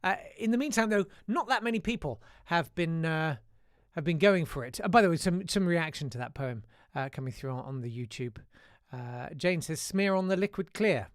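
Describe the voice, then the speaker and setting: A man's voice: a little high, lively intonation, moderate pace, no echo, clean studio sound. A man hosting a casual live-stream chat show, reading out listener messages in a chatty, self-deprecating way. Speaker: host.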